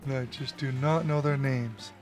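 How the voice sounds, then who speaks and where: A man's voice: mid-range voice, steady tone, normal speed, darkish tone, faint music behind. A man giving casual commentary while playing a game, laughing often and joking about his own misreadings. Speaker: let's play streamer.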